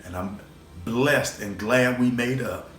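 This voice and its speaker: A man's voice: medium pitch, takes it slowly, a bit bright, faint music behind. Emotional rambling man in echoey room. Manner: emotional, rambling, repeats words, swears. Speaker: show host. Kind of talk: personal storytelling vlog. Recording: roomy echo, faint background noise.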